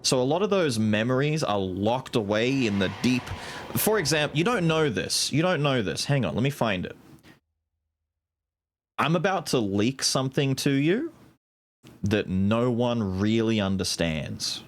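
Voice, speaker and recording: A man's voice: medium pitch, sing-song, a little slow. A man in his thirties streaming a video game, chatting casually and swearing freely. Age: 30s. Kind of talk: casual gaming commentary.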